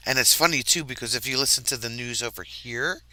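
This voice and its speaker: Easygoing American man with a bright voice. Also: mid-range voice, fairly quick, no echo. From United States, mid-Atlantic region. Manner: easygoing, rambling, laughs often. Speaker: host. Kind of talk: casual chat.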